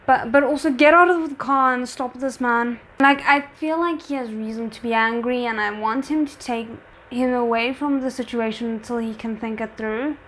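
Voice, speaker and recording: A woman hosts a drama reaction in a loose, rambling, chatty way, with laughing asides. Her voice is slightly high, with a faint hiss behind it. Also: moderate pace, a bit bright. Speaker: reaction channel host. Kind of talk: casual drama reaction commentary.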